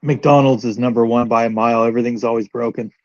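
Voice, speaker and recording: A man's voice: medium pitch, level tone, fast. A man in casual podcast chat making short, dry remarks. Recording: dull lo-fi recording.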